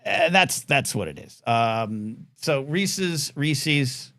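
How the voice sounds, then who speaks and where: A man hosting a live call-in talk show, rambling in a casual, animated way with frequent stammering restarts. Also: a little high, very slow, dry recording, clean studio sound.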